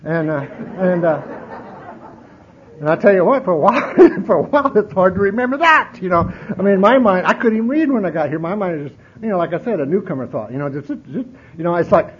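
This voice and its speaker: A man shares his personal recovery testimony at a meeting, speaking in an animated, brisk voice. He rambles wryly and repeats himself a lot, on a dull, lo-fi recording with a faint rumble.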